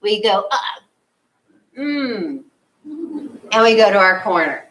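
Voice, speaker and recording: A woman's voice: mid-range voice, expressive, measured pace, a bit bright, slight background noise. A woman, a spiritual leader, giving a conversational sermon and acting out her own inner thoughts, heard from a distance.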